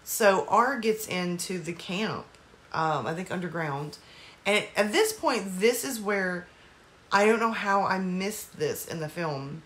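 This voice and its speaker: A woman's voice: on the low side, lively intonation, slow pace, a bit bright. Chatty woman rambling through a plot recap. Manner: rambling, lots of "like" and "um", apologetic asides. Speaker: movie reviewer. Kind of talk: casual movie plot recap. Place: at home.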